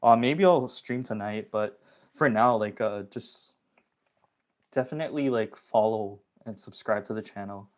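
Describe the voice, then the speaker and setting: A man's voice: on the low side, measured pace. A young man from the area, chatting casually with viewers on a phone livestream, slangy and reading chat comments aloud. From Toronto area, Canada.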